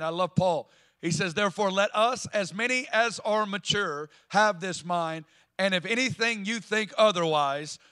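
A man with a Southern US accent preaching a sermon as pastor in a church, emphatic and building to loud declarations. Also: high voice, smooth. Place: church sanctuary.

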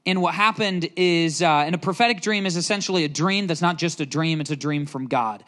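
A man's voice: fairly high pitch, fairly quick, a bit bright. A young man preaching as a youth pastor, telling a personal story earnestly and emotionally, with many restarts. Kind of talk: sermon.

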